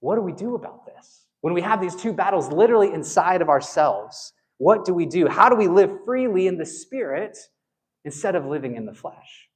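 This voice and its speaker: A man preaching a sermon in a conversational, animated way, with frequent asides to the congregation. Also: sits high, normal speed. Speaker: pastor.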